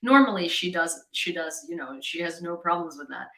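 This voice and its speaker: A woman's voice: fairly low pitch, lively intonation, normal speed, bright, forceful tone, reverberant, rough recording. A woman from Ukraine hosting a casual livestream, telling a chatty story and greeting viewers in the chat. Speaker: livestream host.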